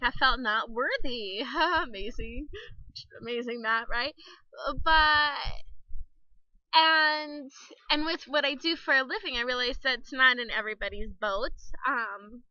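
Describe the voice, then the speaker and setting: A woman's voice: sits high, no echo, dull audio. A young woman talking candidly to camera outdoors by the water, chatty, laughing often and cussing a little. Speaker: vlogger. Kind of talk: casual personal vlog to camera.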